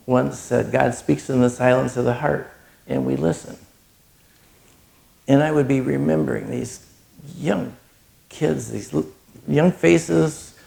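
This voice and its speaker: Middle-aged guy with a really gravelly voice, earnest story talk, gets choked up at times. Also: medium pitch, dark tone. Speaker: charity speaker. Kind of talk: personal testimony talk.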